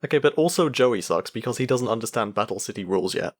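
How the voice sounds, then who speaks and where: A man's voice: mid-range voice, expressive, fast talker. A man co-hosting a podcast, recapping in a laid-back, hesitant, dry way. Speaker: podcast co-host. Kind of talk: casual chat.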